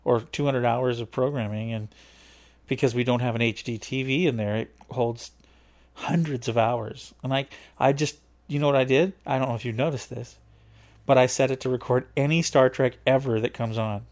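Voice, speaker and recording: A man's voice: mid-range voice, fairly even intonation, normal speed, a little mellow, no room sound. Male podcast co-host, casual and rambling, teasing tone, dry close mic. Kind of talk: casual chat.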